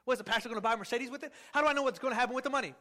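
A man voicing a churchgoer who grumbles indignantly and rapidly about giving money to the church. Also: very high voice, animated, sharp tone, voice pushed up, exaggerated voice.

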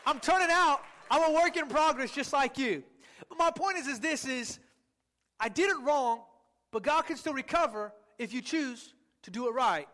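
Pastor guy preaching, real high bright voice, stretches words out to hit them hard. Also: lively intonation. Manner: emphatic, drawn-out words for stress; calls on the congregation to repeat words. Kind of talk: sermon.

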